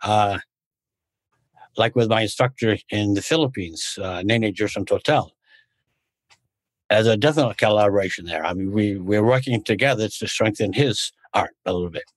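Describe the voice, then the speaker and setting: A man's voice: fairly low pitch, normal speed, no echo. A man talking as a podcast guest, a martial arts instructor in casual conversation, who rambles through stories and restarts his sentences. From United States. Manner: rambling storyteller, restarts often.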